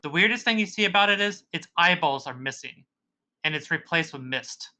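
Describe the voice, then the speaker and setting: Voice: mid-range voice, animated, a little fast, bright, forceful tone. A game master who narrates a tabletop game in a casual, rambling way, stumbling often over descriptions. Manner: casual and rambling, with many fillers.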